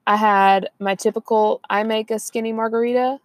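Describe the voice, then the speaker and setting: A woman's voice: on the high side, steady tone, normal speed, no room sound. A woman, chatting casually and rambling on a podcast, laughing often. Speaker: podcast co-host. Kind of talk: casual chat.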